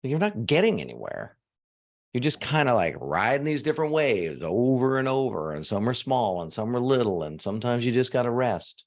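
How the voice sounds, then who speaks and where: A man coaching an audience on manifestation, talking casually and swinging from soft low asides to loud emphatic bursts. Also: big pitch swings, moderate pace. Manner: casual, uses fillers like "like" and "you know". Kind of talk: motivational teaching talk to an audience.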